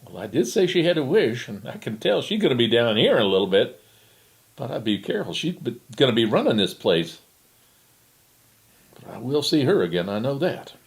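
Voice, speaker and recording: An older man telling a story in a relaxed, chatty, folksy way. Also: medium pitch, brisk, gravelly.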